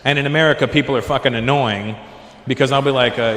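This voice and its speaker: In a large live venue, a man performs brash stand-up comedy and teases audience members, with loud crowd laughter and noise around him. He has a mid-range voice, a steady tone, and talks fast.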